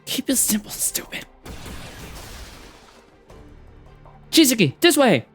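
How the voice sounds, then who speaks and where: A man voicing a determined young woman mage, reading game dialogue aloud in a brisk, self-coaching and commanding way. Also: medium pitch, sing-song, mellow, soft background music, voice pushed up, natural voice. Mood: urgent. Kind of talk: game dialogue read aloud on a live stream.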